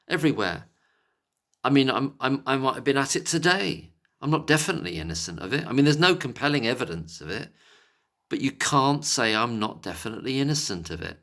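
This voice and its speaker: A man's voice: mid-range voice, animated, brisk, fairly bright tone. Exasperated sweary man ranting. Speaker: vlogger. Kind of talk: angry ranting monologue.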